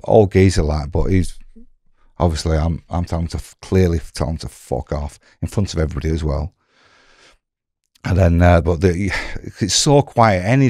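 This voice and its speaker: A man's voice: low voice, a little mellow, no room sound, clean studio sound. A man telling his story as a podcast guest, rambling and swearing freely. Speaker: guest, former prisoner. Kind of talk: casual storytelling.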